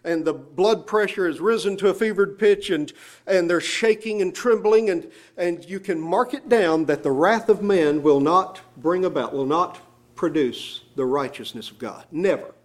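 A man preaching a sermon in church, emphatic, drawing out key phrases slowly. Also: sits high. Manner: emphatic, slows down on scripture phrases.

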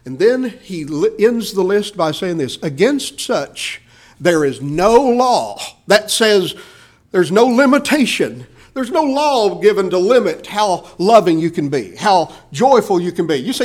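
A man's voice: sits high, sing-song, a little slow, darkish tone. A man preaching a sermon, asking the listeners questions and acting out the voices of the people in his story. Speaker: pastor.

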